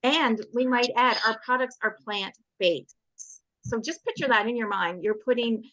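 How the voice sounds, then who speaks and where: A bright, forceful woman on a casual group call, upbeat and enthusiastic. Her pitch sits a little high, and the audio is dull and dry like lo-fi call sound. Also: no echo. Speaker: participant on a product call.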